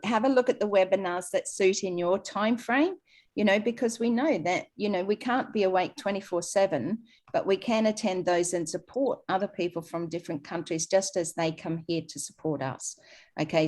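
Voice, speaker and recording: A woman's voice: mid-range voice, moderate pace. Woman from Australia or New Zealand, webinar host, encouraging and loose. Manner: encouraging, loose, with many fillers. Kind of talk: casual announcements to a live webinar. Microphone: video call.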